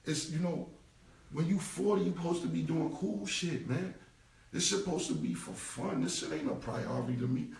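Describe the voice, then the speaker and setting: Ranting casually on a livestream, a rapper in his forties swears, stresses his points, and repeats them as he responds. His voice is a little high, at normal speed, with vocal fry and a slightly mellow tone. He's far from the phone, which is held away, and the sound is roomy with echo.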